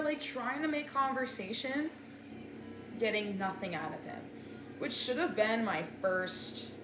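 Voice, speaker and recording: A woman's voice: fairly high pitch, noisy background. A young woman in her twenties telling a storytime rant, chatty and exasperated, full of "like.". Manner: chatty, exasperated, sprinkles "like" everywhere. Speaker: vlogger. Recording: echoey room with dish and cutlery clatter.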